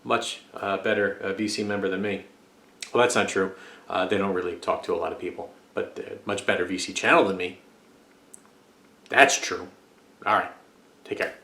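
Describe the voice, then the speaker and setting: A man's voice: sits low, moderate pace, vocal fry, pauses often. A man from the United States rambling casually about the records he collects, with lots of fillers. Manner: rambling and relaxed, with frequent fillers. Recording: echoey room.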